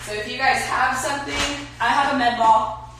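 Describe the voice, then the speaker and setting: A woman's voice: high-pitched, fairly even intonation, normal speed, recorded from a distance, background noise. A young woman casually leading a home workout, chatty and coaching as she exercises. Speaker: softball player leading a workout. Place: home room. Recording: echoey room, mic from afar.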